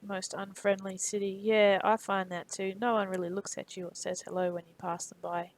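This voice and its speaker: A woman streamer from Perth, Western Australia, chats casually with her viewers while working on a 3D model, laughing easily. Her voice is mid-range and level, and she talks fairly quickly.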